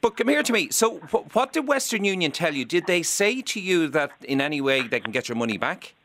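An Irish man hosting a radio phone-in, asking questions in a halting way with many restarts. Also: a little high, sing-song, fairly bright tone. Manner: hesitant, stumbling restarts, sympathetic questioning. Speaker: radio host.

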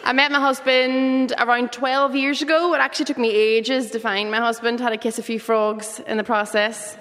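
Woman, Derry accent, thirties, stand-up comic, fairly high voice, long reverb. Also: moderate pace. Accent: Northern Irish (Derry). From Northern Ireland. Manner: lively, punchy joke delivery. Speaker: comedian guest. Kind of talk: stand-up comedy set.

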